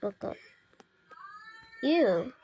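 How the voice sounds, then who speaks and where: A woman's voice: on the high side, sing-song, very slow, warm tone, soft background music. A woman hosting a reaction video, making blunt, crude, mocking remarks in casual commentary.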